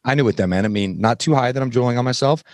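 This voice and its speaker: A man as a podcast guest, telling his story candidly in plain, frank words with halting restarts. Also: medium pitch, no room sound, studio quality. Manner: frank, plain-spoken, occasional swearing; halting, many fillers and restarts while recounting.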